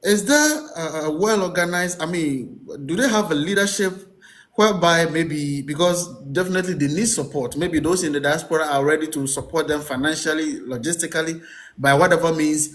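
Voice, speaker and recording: A man's voice: fairly high pitch, a little fast, fairly bright tone. A man hosting a live talk show, politely cutting in to ask his caller questions.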